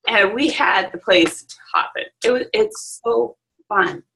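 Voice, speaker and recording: Chatty woman with a gravelly, husky voice. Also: medium pitch, slow, low-quality recording. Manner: chatty, animated storytelling with fillers. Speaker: salon owner and hairstylist. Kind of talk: casual chat on a video call. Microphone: video call.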